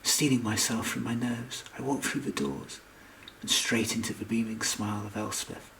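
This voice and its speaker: A man reading a comic science fiction audiobook with wry, expressive narration. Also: fairly low pitch, normal speed, gravelly. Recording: echoey room, distant mic, faint noise.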